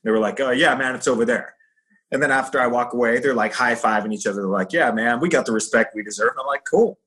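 Middle-aged ex-fighter guest, bright edge to the voice, animated storyteller doing quoted voices. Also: male voice, medium pitch, fast talker. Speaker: guest, former pro fighter. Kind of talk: casual storytelling.

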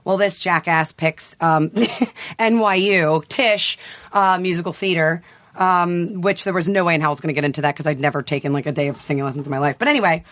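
A woman from Ohio, an actress being interviewed, chatting in a rambling, animated way with lots of laughter. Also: on the low side, fairly quick. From Ohio, USA. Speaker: actress guest. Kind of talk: casual interview chat.

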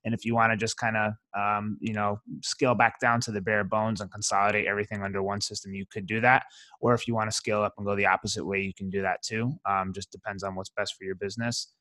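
A man speaking as a podcast guest, explaining things in a friendly, relaxed way. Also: lowish voice, quick pace, no room sound. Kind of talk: casual interview talk.

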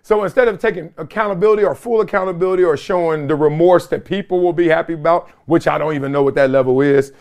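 A middle-aged man hosting a sports talk show, giving casual, animated commentary and acting out other voices in quoted bits. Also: on the high side. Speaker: show host.

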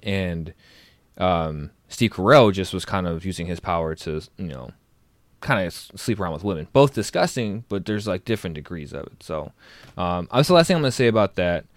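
Earnest deep-voiced man chatting on stream. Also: lively intonation, normal speed, dry recording. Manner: earnest, rambling, often restarting thoughts. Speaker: stream co-host. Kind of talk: casual chat on a livestream.

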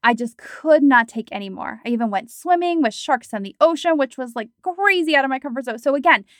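A woman in her thirties, a coach, talking in a chatty, animated podcast monologue full of fillers. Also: high-pitched, brisk, no echo, clean studio sound.

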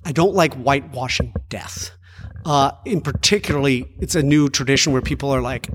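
A man's voice: mid-range voice, moderate pace, slight background noise. Chatty man in a reverberant room. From United States. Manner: chatty, animated, prone to playful put-on voices and stammered restarts. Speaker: Catholic priest, podcast co-host. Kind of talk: casual podcast chat.

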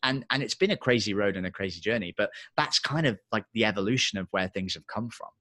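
A man's voice: lowish voice, fast talker, bright, forceful tone, no echo. A young adult man earnestly telling a confessional story as an interview guest, rambling with many fillers. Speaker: podcast guest and entrepreneur. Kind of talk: emotional personal story in an interview.

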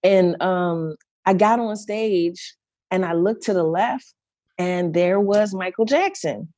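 A middle-aged woman, a guest performer being interviewed, tells her story with feeling, often circling back, repeating and restarting phrases. Her voice is mellow, a little low and slow, recorded dry and close with no echo.

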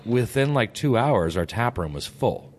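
A man who co-owns a brewery, casually telling stories and acting out quotes in a raised voice. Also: unhurried. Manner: animated storyteller, acts out quotes in a higher voice. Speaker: brewery co-owner. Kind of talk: casual chat.

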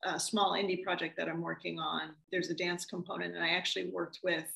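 Gravelly-voiced woman telling stories. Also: lowish voice, a little fast, reverberant, low-quality recording. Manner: animated storyteller, acts out quotes with laughs. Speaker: film director guest. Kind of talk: casual interview chat.

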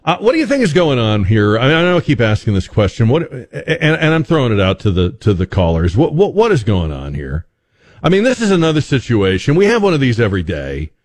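Animated, wry male talk radio host. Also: mid-range voice, fairly quick. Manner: wry, joking, animated with many restarts.

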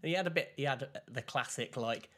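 A man's voice: mid-range voice, fast, fairly bright tone. A man, chatting casually as a podcast co-host, rambling with fillers and laughing at his own stories while getting over a flu. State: recovering from flu. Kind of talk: casual chat.

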